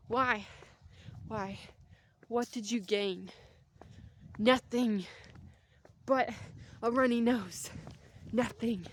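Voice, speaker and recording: A woman's voice: a little high, steady tone, moderate pace, pauses often, a little hiss or hum. A young adult woman vlogging outdoors on a cold winter walk, talking in a rambling, chatty way with jokey asides. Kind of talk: casual walking vlog.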